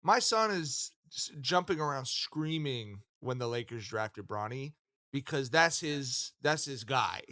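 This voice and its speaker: A man's voice: medium pitch, lively intonation, unhurried, sharp tone, no echo, clean studio sound. A man in his thirties co-hosting a sports podcast, talking casually and emphatically with plenty of swearing. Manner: profane, emphatic, storytelling. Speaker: podcast co-host.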